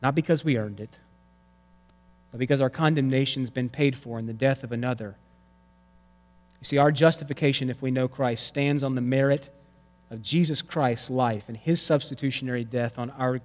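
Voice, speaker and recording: A male pastor preaching a sermon, swinging between loud emphatic lines and hushed, quiet ones. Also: mid-range voice, in a large hall.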